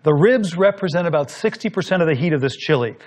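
A man's voice: fairly high pitch, expressive, fast, a little mellow. A man hosting a cooking show, explaining each step in an easy, instructive way while he works. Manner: explanatory, talks while working. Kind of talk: cooking demonstration.

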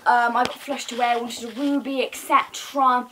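A woman's voice: a little high, level tone, fairly quick, a bit bright. A young girl with a giggly, silly manner, playing pretend host in a home video. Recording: noisy home camera recording.

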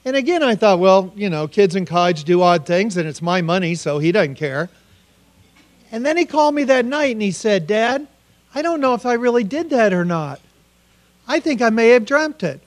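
A man's voice: high-pitched, big pitch swings, moderate pace. A middle-aged man giving a conference keynote, telling a personal family story in an earnest way and acting out the quoted dialogue. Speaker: keynote speaker. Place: conference hall.

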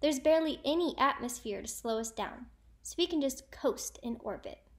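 A woman's voice: high voice, animated, normal speed. A woman voicing an enthusiastic schoolboy explaining things in a storybook read-aloud.

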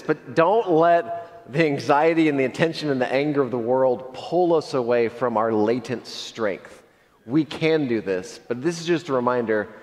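Man preaching, animated n laughing a lot, church hall echo. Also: medium pitch. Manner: animated storytelling, laughs often. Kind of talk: sermon. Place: church sanctuary.

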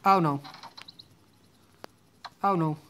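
Gamer talking slow over their gameplay, muttering and cussing at the screen, noisy hiss behind. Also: medium pitch. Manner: mutters and swears at the game. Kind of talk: casual gameplay commentary.

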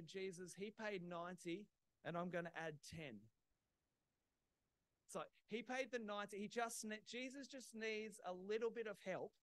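A man's voice: a little high, low-quality recording. A man preaching a sermon in a church, explaining things simply and plainly, with small laughs.

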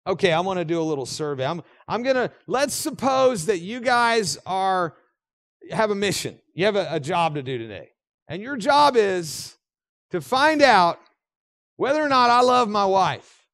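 A middle-aged man preaching a sermon in a church, animated and joking with the congregation. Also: high-pitched, normal speed, no echo, clean studio sound. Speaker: pastor. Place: church sanctuary.

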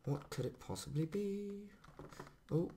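A man chatting casually through a let's play, self-mocking and swearing when things go wrong, his voice a little rough today. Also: a little high, expressive, measured pace, warm tone, a little hiss or hum. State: rough-sounding voice. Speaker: gamer doing a let's play. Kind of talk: casual game commentary. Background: faint background music.

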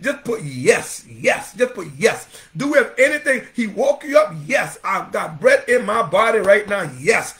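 A male pastor delivering a fervent sermon in a high, lively voice that swoops up and down from line to line. He keeps calling out members of the congregation by name as he preaches. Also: measured pace, few pauses.

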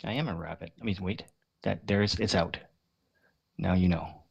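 A man's voice: sits low, normal speed, vocal fry, breathy edge, lo-fi sound. A man in casual voice chat after a game session, rambling and correcting himself as he goes. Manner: rambling, hesitant, self-correcting. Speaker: game player.

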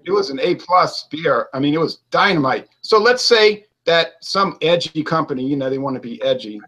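A man's voice: fairly high pitch, expressive, normal speed, bright, forceful tone, rough recording. A man hosting a casual beer talk, rambling through hypotheticals and often restarting his sentences. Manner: rambling, hypothetical, self-interrupting. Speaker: beer reviewer and show host. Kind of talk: casual debate chat.

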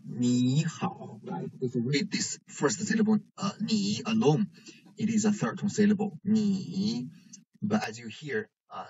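A man teaching a language lesson in English, pausing often with fillers. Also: mid-range voice, husky. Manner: hesitant, many pauses and fillers. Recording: dull lo-fi recording.

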